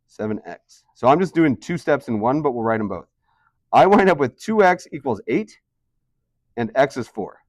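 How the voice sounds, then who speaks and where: A man's voice: medium pitch, big pitch swings, moderate pace, no echo. A man teaching a math class, chatty and full of questions to his students. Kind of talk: classroom lesson.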